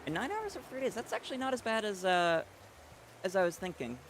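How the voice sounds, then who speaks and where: A man's voice: sits high, very animated, fairly quick, a bit bright, a little hiss or hum. A man streaming a video game live, chatting casually and reading viewers' messages aloud with many fillers and restarts. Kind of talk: casual live-stream chat while playing.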